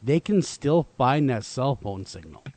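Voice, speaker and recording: A man's voice: medium pitch, big pitch swings, a little slow, a little mellow. A man hosting a talk radio show, chatting casually with many fillers and restarts. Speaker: radio host.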